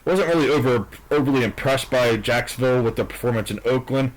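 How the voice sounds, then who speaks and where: A man's voice: mid-range voice, quick pace, low-quality recording. Rambling, blunt man giving football picks. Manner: hesitant, with many fillers and restarts; blunt and profane. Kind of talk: casual rambling sports predictions.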